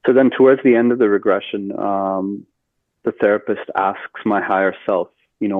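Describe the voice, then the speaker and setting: A man telling a personal story as a podcast guest, earnest and steady with fillers. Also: fairly low pitch, normal speed, no room sound. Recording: tinny phone-like line, dry.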